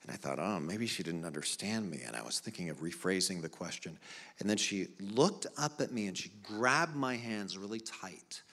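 A middle-aged man preaching a sermon, moving between soft, low storytelling and loud, emphatic appeals. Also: expressive, moderate pace. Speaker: pastor.

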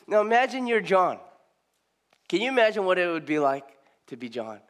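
High-voiced preacher telling a lively story. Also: male voice, moderate pace. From Southern California, US. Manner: animated, acts out quoted speech, frequent restarts. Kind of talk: storytelling sermon. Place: in front of a live congregation.

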